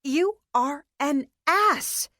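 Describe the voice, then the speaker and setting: A woman voicing a fiery young woman who scolds the man she likes, raising her pitch for her in an audiobook reading. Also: big pitch swings, a little slow, no echo, clean studio sound. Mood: exasperated. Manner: sharp, scolding. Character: fiery young woman, exasperated love interest.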